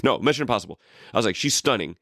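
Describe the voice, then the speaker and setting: A man's voice: lowish voice, expressive, very fast, a bit bright, no room sound, studio quality. A man co-hosting a podcast, chatting casually in a rambling, profane way with lots of restarts. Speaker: podcast co-host. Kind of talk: casual chat.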